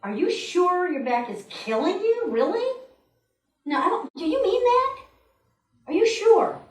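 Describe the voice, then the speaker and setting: Woman doing the subconscious mind as a fussy, doubting female voice, higher and bouncy, echoey hall from off-mic. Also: lively intonation, fast talker, close to an everyday voice. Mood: fussy questioning. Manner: fussy, double-checking. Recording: roomy echo, mic at a distance.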